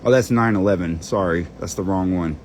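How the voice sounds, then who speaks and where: In this screen-share monologue, the channel host searches documents and rambles, talking to himself and swearing quietly. He has a low, slightly mellow voice that moves fairly quickly, and there's a faint hiss or hum.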